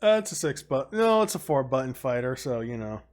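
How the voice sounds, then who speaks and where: A man's voice: medium pitch, very animated, brisk. A man hosting a casual gaming stream, swearing casually as he directs players. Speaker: stream host.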